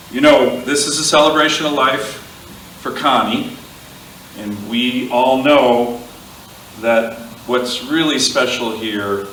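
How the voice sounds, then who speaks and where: Man giving a halting memorial speech. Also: medium pitch, a little hiss or hum. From Alaska. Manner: halting, fillers, warm joking asides. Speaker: speaker at a memorial. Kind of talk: public eulogy speech. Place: outdoor gathering with a crowd. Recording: echoey, distant amateur crowd recording.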